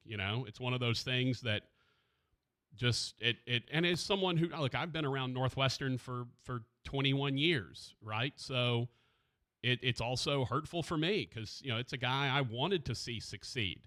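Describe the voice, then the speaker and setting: A man hosting a sports radio show, talking haltingly and with grief, searching for his words, close to a studio mic. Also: mid-range voice, bright, forceful tone. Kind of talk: emotional radio talk. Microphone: studio microphone.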